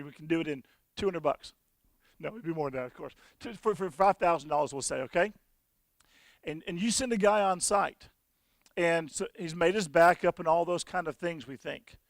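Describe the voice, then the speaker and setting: Gravelly folksy man presenting. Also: on the high side, dry recording. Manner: folksy storytelling, frequent restarts. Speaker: conference presenter. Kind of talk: conference talk with software demo.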